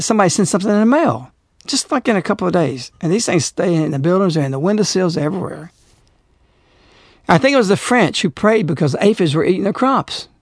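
A man's voice: sits high, no echo, clean studio sound. A middle-aged man hosting a religious radio talk show, speaking emphatically and repeating himself as he preaches.

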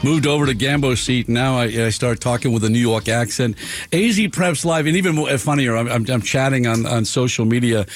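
A man's voice: medium pitch, fast, few pauses, soft background music. A man in his fifties hosting a local sports talk radio show, chatty and self-deprecating, stumbling over repeated words. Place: radio studio. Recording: dry studio sound.

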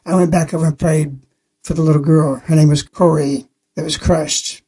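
A man's voice: fairly high pitch, fairly even intonation, normal speed, mellow, breathy edge. A man giving an earnest spoken testimony on a religious radio program, telling the story plainly and repeating key phrases.

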